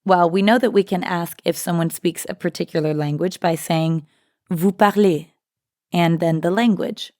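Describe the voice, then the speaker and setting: Low-voiced woman explaining a lesson. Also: steady tone, normal speed, hardly any pauses, darkish tone, no room sound, studio quality. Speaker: language teacher and co-host. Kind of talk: scripted lesson dialogue.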